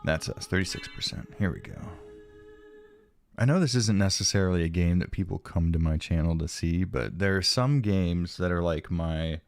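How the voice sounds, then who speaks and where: A man with a very low voice talks casually to his stream audience, rambling and poking fun at himself as he reads chat aloud. He sounds slightly stuffed up from allergies. Faint game music plays quietly underneath. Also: moderate pace, dry recording, studio quality. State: sniffly from allergies.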